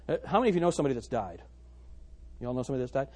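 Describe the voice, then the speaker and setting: A man preaching a sermon as pastor, swinging between loud emphatic lines and hushed ones. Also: mid-range voice, big pitch swings, very fast.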